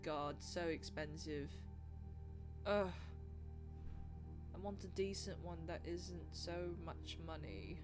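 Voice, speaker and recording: A woman's voice: on the low side, slow pace, long pauses, over music. A young woman streaming live, chatting casually in a rambling, self-deprecating way.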